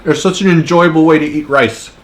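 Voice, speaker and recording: A man's voice: fairly high pitch, fairly even intonation, fairly quick. A man co-hosting a casual food chat, playful and chatty as he tastes dishes. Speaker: co-host. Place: home studio.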